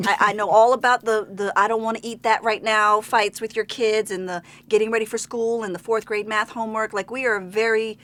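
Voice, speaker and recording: A woman's voice: a little high, fairly even intonation, a little fast, few pauses. A woman in her forties from Baltimore, a talk show guest chatting animatedly and laughing often as she tells stories. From Baltimore, USA. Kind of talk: casual chat.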